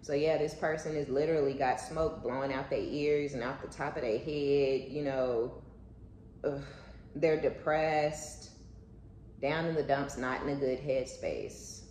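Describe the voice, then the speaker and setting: A woman talks through a casual spiritual reading in a low voice. She is blunt and profane and stacks repeated words for emphasis. The room is echoey, with a faint hiss behind her. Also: fairly even intonation, a little slow, darkish tone. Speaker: intuitive reader.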